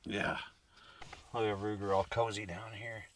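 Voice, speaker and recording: A man's voice: lowish voice, little pitch movement, unhurried, recorded from a distance, a little hiss or hum. A man casually chatting in a camping vlog from his truck camper at night, rambling and laid-back, now and then talking baby-talk to his dog. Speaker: camping vlogger.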